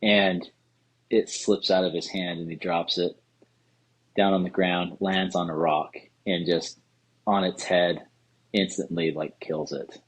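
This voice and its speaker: A man, co-hosting a podcast and telling a story in a casual, animated way, acting out quotes. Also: deep voice, a little slow, breathy edge, low-quality recording. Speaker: podcast co-host.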